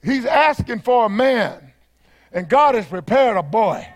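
A man preaching in a very high voice, with a Southern US accent. He is a fervent pastor who keeps repeating his praise and rises to shouting in a sermon. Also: big pitch swings, unhurried.

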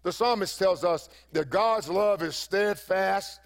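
Man, pastor, sermon, high-pitched, gravelly, emphatic, repetitive cadence. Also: slow. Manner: preacherly, emphatic, repeats phrases for effect.

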